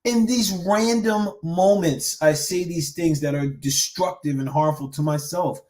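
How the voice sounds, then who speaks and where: A man who founded a men's education group, coaching viewers in an earnest, animated live-stream talk with frequent restarts and pauses. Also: on the high side. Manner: mimics harsh self-talk in sharp raised bursts.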